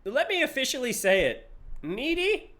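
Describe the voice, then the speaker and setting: A man's voice: sits high, big pitch swings, measured pace, bright, forceful tone. A man streaming a game live, chatting playfully, laughing often and swearing casually, at a desk mic.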